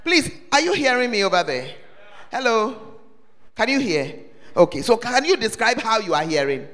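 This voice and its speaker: A man preaching a sermon, quizzing the congregation with questions and breaking into shouts. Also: extremely high pitch, big pitch swings, normal speed. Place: church service hall. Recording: long reverb of a large hall.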